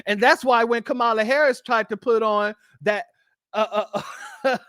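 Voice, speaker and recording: Animated high-pitched man talking casually. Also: normal speed, dry recording, studio quality. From Los Angeles. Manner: animated, jumps to high playful voice when quoting. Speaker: livestream host. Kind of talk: casual livestream talk.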